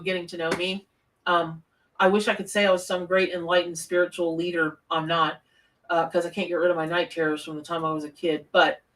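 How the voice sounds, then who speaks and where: A woman's voice: lowish voice, a bit bright, distant mic. A woman, live-streaming a tarot reading from her home office, chatty and effusive as she greets viewers. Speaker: tarot reader on a livestream.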